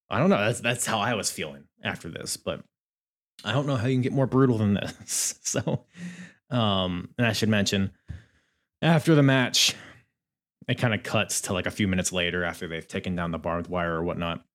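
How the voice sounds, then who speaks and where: A man hosting a solo podcast, recapping in a laid-back, chatty, jokey way and laughing between remarks. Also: lowish voice. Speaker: podcast host.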